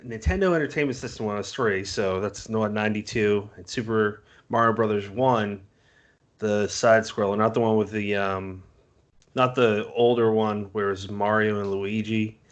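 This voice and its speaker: A man's voice: lowish voice, fairly even intonation, moderate pace. A man in his thirties from Massachusetts, hosting a podcast and asking loose, rambling questions with self-corrections. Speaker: podcast host. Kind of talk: casual interview chat.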